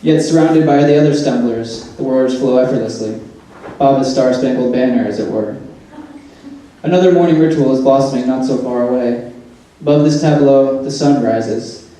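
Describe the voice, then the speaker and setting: A man with a medium-pitched, dark voice reads a humorous personal essay aloud at normal speed, adding wry, dry asides. The recording has an echoey room and a far-off mic.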